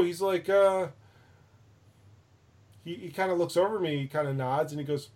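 A man's voice: fairly high pitch, normal speed, darkish tone. A man hosting a casual chat, telling an anecdote with rambling restarts, fillers and swearing.

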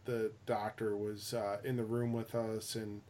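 A man's voice: lowish voice, flat delivery, a little slow, warm tone. A man hosting a casual chat, telling an anecdote with rambling restarts, fillers and swearing.

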